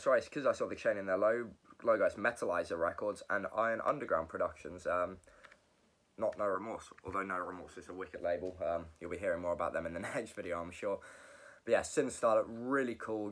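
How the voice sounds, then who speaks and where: A man reviewing metal albums in a casual, rambling monologue, sick, often correcting himself and filling pauses with ums. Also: on the low side, a bit bright.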